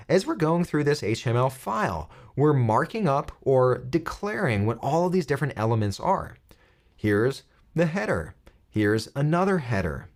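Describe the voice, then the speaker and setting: A man teaching a coding lesson, explaining each step clearly as he types. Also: medium pitch. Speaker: web coding instructor. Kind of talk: screen-recorded coding tutorial.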